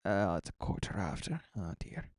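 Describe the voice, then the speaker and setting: A man's voice: deep voice, sing-song, normal speed, a little mellow, no echo, studio quality. A young man streaming a game, rambling casually and answering his chat as he signs off. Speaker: gaming streamer.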